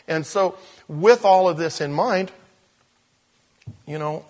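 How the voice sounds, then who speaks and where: A man preaching a sermon, animated, moving between loud emphatic lines and low, slow ones.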